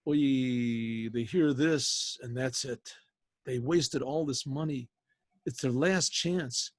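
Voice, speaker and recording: A rabbi telling a story in a loose, conversational way, halting and repeating words over a video call. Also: male voice, medium pitch, no room sound, clean studio sound. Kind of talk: informal oral storytelling.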